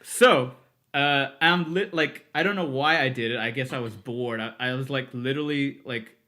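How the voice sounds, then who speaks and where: A man's voice: mid-range voice, normal speed. A man in his thirties, a guest on a podcast, telling stories casually with frequent laughs and acted-out quotes. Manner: animated storyteller, laughs often, acts out quotes. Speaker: podcast guest, music producer. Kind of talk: casual interview storytelling.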